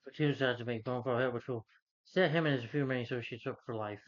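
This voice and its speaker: A man's voice: mid-range voice, fast, lo-fi sound. A man casually recapping a film. He rambles, corrects himself and retells scenes with quotes. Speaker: film reviewer.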